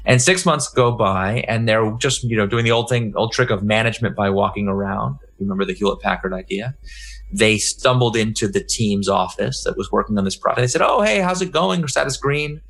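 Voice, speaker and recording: A middle-aged keynote speaker with a lowish voice talks a little fast at a conference. He tells an animated anecdote, acting out the dialogue in a raised voice.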